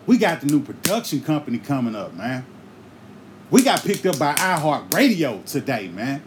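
A man's voice: a little high, slight background noise. A man hosting his own comedy podcast, delivering a heated, heavily profane rant with preacher-like repetition. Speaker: podcast host.

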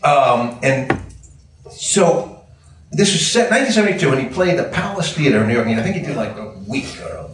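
A man in his sixties telling a casual anecdote in a rambling, halting way. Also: a little high, sing-song, background noise. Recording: echoey room, distant mic.

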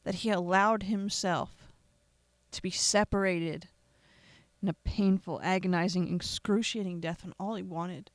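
Podcast host, emotional gospel appeal, earnest and preacherly, gravelly voice, dry close sound. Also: mid-range voice, fairly even intonation, no echo. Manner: earnest, preacherly, with pauses and repetition.

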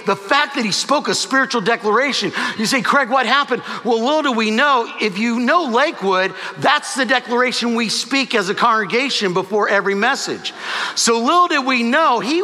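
Man, pastor, emotional sermon storyteller; high bright voice, hall reverb. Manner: emotional storytelling, quoting dialogue. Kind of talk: sermon testimony.

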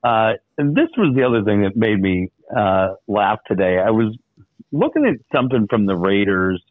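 A man hosting a radio show in casual chat, telling stories with easygoing filler pauses. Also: on the low side, lively intonation, no room sound. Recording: dry, phone-like narrow sound.

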